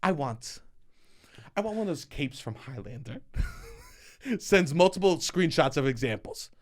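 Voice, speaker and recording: A young man co-hosting a podcast, telling stories casually with swearing and mock shouting. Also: a little high, sing-song, unhurried. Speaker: podcast co-host. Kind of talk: casual chat.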